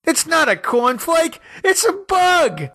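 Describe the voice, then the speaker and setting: A man voicing a panicky, crude middle-aged husband in an audio horror story, shouting and swearing frantically. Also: very high-pitched, very animated, slow pace, voice pushed up, heavily acted. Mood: frantic.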